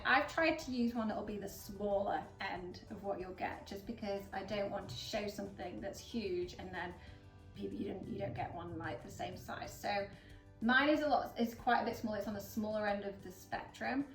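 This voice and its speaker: A woman's voice: mid-range voice, moderate pace, a bit bright. A woman from England, hosting a casual flower-arranging demonstration in a chatty, upbeat way with plenty of fillers. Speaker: florist host. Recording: roomy echo, mic at a distance, faint background music.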